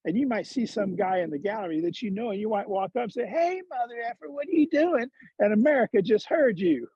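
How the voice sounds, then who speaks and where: A man's voice: high voice, animated, brisk, slightly rough, dry recording, voice pushed up, exaggerated voice. A man playing a blunt, crude male golf broadcaster with a put-on Georgia drawl. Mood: warning. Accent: Southern US (Georgia), as put on. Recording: dull lo-fi sound.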